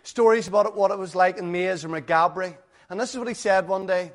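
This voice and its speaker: A man's voice: high voice, fast talker. A man preaching a sermon in an earnest, conversational way, full of rhetorical questions.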